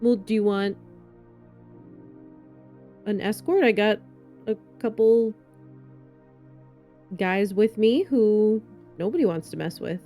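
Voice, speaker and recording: A woman voicing a kindly female adventurer, speaking softly and gently. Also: mid-range voice, takes it slowly, long pauses, faint music behind, pitched below the performer's own voice. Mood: gentle. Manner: soft, gentle, soothing.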